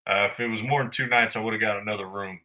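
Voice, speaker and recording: Bright-voiced blunt man. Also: fairly low pitch, fast, rough recording. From United States. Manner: animated, profane, blunt. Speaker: podcast host. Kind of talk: casual storytelling.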